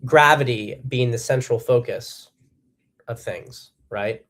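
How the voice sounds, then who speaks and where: Guy ranting solo about politics, blunt and sweary, mid-pitched voice. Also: slow, fairly bright tone. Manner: blunt and profane, with emphatic bursts; acts out quotes in a harsh voice. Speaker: political commentary host.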